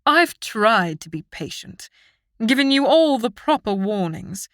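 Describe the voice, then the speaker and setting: A woman's voice: a little high, big pitch swings, a little slow, fairly bright tone, no room sound. A woman voicing a cold, scheming fairy queen who talks down to others with silky menace, read dry and close for an audiobook. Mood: menacing.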